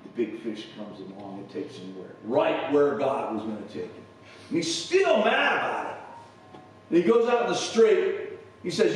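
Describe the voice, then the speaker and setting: A man's voice: mid-range voice, big pitch swings, moderate pace. A male preacher giving a conversational sermon, often repeating and restarting his words. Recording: echoey hall from far off.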